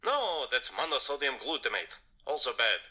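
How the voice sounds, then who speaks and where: A man's voice: medium pitch, big pitch swings, moderate pace, pushed and bright, breathy edge, heavily acted. An actor voicing a smug male vampire who lectures about the environment in a theatrical manner. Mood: lecturing. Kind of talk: video game voice acting.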